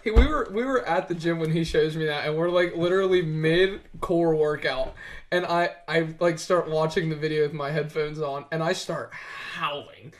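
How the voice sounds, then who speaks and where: Higher-voiced young man, animated storyteller. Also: moderate pace. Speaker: podcast co-host. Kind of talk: casual chat.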